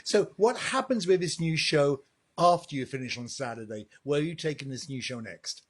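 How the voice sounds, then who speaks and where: Male interviewer, husky, animated pitch, brief affirming questions. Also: moderate pace. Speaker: interviewer, show host. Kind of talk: casual interview.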